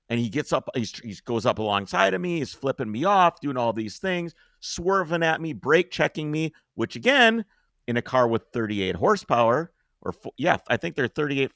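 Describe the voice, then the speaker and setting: A man at a podcast mic spins a story in a loose, casual way, swearing freely and acting out each scene. His pitch swings widely as he talks, and the recording is dry and close with no room sound. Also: a bit bright, dry recording.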